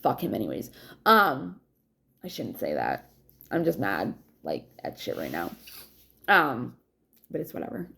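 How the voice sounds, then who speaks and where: Woman in her thirties, gravelly, lively pitch, profane rambling storyteller, casual vlog monologue. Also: measured pace, pauses often. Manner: rambling, profane, frank, drifting between stories. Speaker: vlogger.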